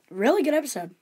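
A woman's voice: high-pitched, warm tone, slightly rough. Eager woman podcast co-host. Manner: eager, chimes in with quick agreement and gushing praise. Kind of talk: casual recap chat.

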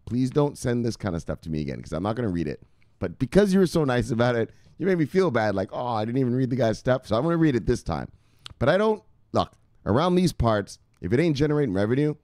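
Rowdy man, swings from low mutter to yelps. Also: big pitch swings, fairly quick, no echo, clean studio sound. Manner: rowdy, swears freely, shouts bursts of catchphrases between low muttered asides. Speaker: crypto video host. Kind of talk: casual commentary reading out viewer comments.

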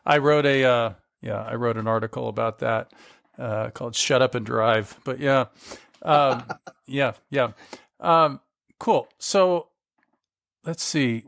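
A man's voice: medium pitch, slow pace, vocal fry, pauses often, fairly bright tone, no echo, clean studio sound. A man hosting a casual interview in a chatty way, laughing often and asking his guest questions. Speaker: podcast host.

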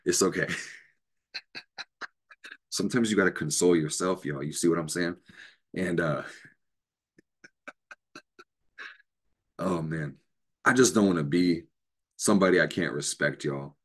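A man's voice: sits low, takes it slowly, pauses often, fairly bright tone, slightly rough. A man hosting an astrology show, giving an unscripted motivational talk, emphatic and profane, with bursts of laughter.

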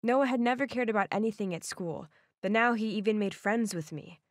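A woman narrating a first-person animated story in a scripted, expressive way. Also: mid-range voice, fairly quick, dry recording, clean studio sound.

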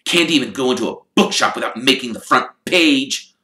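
A man's voice: medium pitch, lively intonation, normal speed, bright, forceful tone, echoey room, pitched above the performer's own voice. A man voicing a spoiled rich schoolboy with a drawling, sneering voice.

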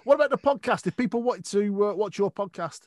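A man with a high voice, recorded close and dry with no room sound. He hosts over a video call, throwing in quick jokes and asking brisk questions. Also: expressive, dry recording. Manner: jokey interjections, brisk questions. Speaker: podcast host. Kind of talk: casual interview chat over a video call.

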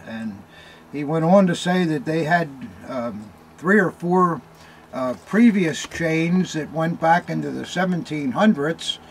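An older man hosting a show, telling a story slowly in a rambling, casual way with many ums and uhs while smoking a cigar. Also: on the high side, expressive, a little hiss or hum. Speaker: host.

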